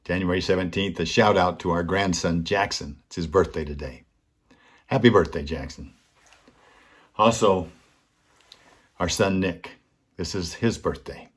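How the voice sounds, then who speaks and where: An older man with a deep, slightly husky voice hosts a weekly talk segment. He tells a personal story in an earnest, heartfelt way and brings the people in it to life by acting out their lines. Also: measured pace, long pauses. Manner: earnest, acts out quoted voices. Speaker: host.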